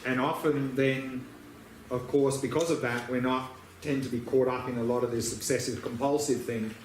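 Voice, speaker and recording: A man's voice: medium pitch, fairly even intonation, moderate pace, slight background noise. A man teaching meditation, answering questions with patient, repetitive explanations. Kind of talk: dharma teaching Q&A. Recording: echoey room, faint ambience.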